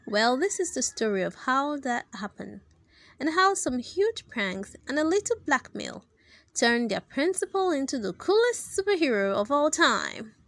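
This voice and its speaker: A woman reading a children's book aloud in an expressive, animated storytelling manner. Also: high-pitched, a little slow, dry recording.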